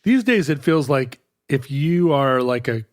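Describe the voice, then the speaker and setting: Lively, eager man reacting with jokes. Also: mid-range voice, measured pace. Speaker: podcast co-host reacting to the story. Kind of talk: casual comedic chat.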